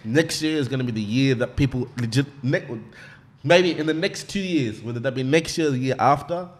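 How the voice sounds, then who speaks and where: A young man from Australia hosting a casual podcast conversation, talking in an animated, emphatic way and peppering his lines with "man". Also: medium pitch, fairly quick. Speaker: podcast host.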